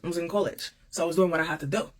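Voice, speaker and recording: Young adult woman, casual storyteller, expressive, repeats lines for emphasis. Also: lowish voice, racing.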